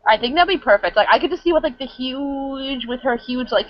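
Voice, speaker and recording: Fast-talking woman host, gushy and rambly, kinda high voice, dull lo-fi audio. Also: expressive, no room sound. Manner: gushing, rambling questions full of fillers. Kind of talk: casual interview questions. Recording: dull lo-fi dry recording.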